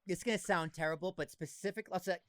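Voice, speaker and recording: A man's voice: high voice, quick pace, dry recording, clean studio sound. A man who is a podcast guest in casual chat, reasoning aloud and ending points with questions.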